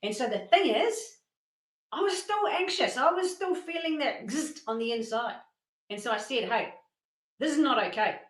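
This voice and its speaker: A woman with a fairly high voice presents a motivational masterclass. She tells her stories with plenty of energy and acts out what people said. The room around her has a noticeable echo. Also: normal speed. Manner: animated storytelling with acted-out quotes. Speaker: workshop presenter.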